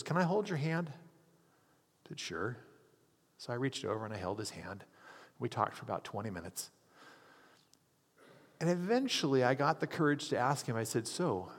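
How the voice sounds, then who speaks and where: Earnest man preaching in a reverberant hall. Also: mid-range voice. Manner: earnest storyteller acting out quoted voices. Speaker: hospital chaplain. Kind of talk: sermon storytelling.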